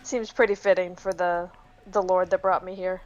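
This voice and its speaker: A woman playing in a tabletop game, playful and quick with asides. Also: fairly low pitch, flat delivery, a little mellow, highs cut off. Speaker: player. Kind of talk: tabletop role-play as a player.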